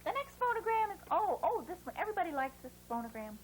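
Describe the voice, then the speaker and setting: A woman teaching children letter sounds in a phonics lesson, drawing each sound out slowly and coaxing them along. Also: very high voice, very animated, a little hiss or hum, low-quality recording.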